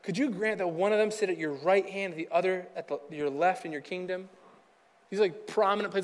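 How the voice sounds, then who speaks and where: A man preaching a casual sermon, chatty and acting out quick snippets of dialogue. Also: high-pitched, in a large hall. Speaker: pastor.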